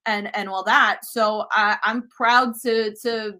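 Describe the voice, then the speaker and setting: Thirties woman, cooking show host as guest, bright and animated, laughs at herself. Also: mid-range voice, slow pace. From United States. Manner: animated and self-deprecating. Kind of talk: casual interview chat.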